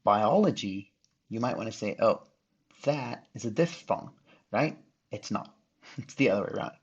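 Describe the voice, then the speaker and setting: A man's voice: lowish voice, normal speed, vocal fry, husky. A male teacher giving a recorded phonics lesson, patiently sounding out syllables and letters one by one. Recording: dull lo-fi recording.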